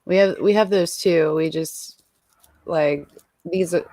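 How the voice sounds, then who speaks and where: A woman's voice: fairly low pitch, slow, warm tone, no room sound. A woman guest in a casual chat, blunt and cheeky, swearing freely.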